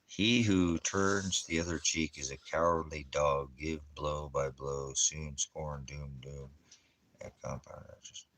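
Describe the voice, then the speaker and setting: Very deep-voiced man in a mocking rant. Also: fairly even intonation, measured pace, hardly any pauses, a bit bright. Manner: mocking, sarcastic, chuckling between jabs. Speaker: ministry host. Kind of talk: ranting religious commentary.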